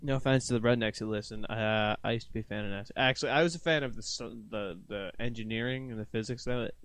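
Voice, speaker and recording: A man's voice: on the low side, fast, a bit bright, clean tone. A young man co-hosting a casual chat, rambling, swearing and laughing often. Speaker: podcast co-host.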